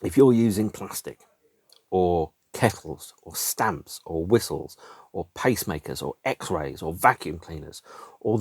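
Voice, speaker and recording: A man's voice: low voice, a little mellow, no room sound. A man in his fifties from Birmingham, England, hosting a podcast in a wry, self-mocking monologue full of asides. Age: 50s. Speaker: podcast host. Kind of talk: casual solo podcast monologue.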